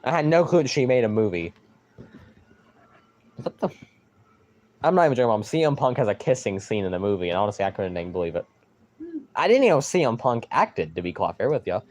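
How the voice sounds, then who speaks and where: A young man streaming live, rambling excitedly and with mild swearing as he reacts to a football game. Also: fairly low pitch, fairly quick, pauses often.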